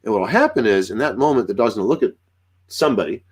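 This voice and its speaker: A husky-voiced man with a fairly low pitch talks fast while offering casual dog-training tips. He's an adult with a young daughter, and he animatedly acts out lines that dogs and their owners might say.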